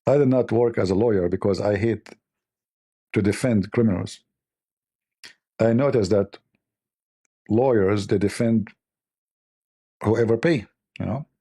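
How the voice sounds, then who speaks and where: Gravelly, mocking livestream host man. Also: on the low side, unhurried, long pauses, mellow. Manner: mocking, sarcastic, rambling. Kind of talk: casual livestream commentary.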